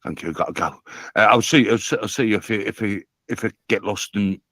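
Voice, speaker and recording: A groggy man with a husky voice on a phone call, confused, rambling, repeating himself and swearing. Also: on the low side, a little fast, bright, forceful tone, no room sound.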